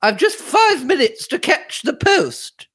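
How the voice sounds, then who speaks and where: A man voicing an agitated older woman who gives quick, commanding orders. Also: extremely high pitch, sing-song, a bit bright, pitched above the performer's own voice, full character voice.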